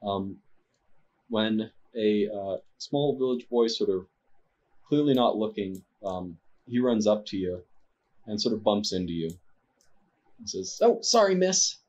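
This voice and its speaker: Low-voiced man running a tabletop game. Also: unhurried, a little mellow, muffled recording. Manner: hesitant, filler-heavy narration. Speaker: game master.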